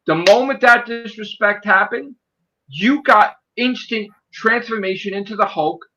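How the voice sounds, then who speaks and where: A man in his forties tells stories in a casual chat, heated and profane. His voice sits high for a man and rings bright and forceful. He talks in an animated way. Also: measured pace, highs cut off. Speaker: podcast co-host.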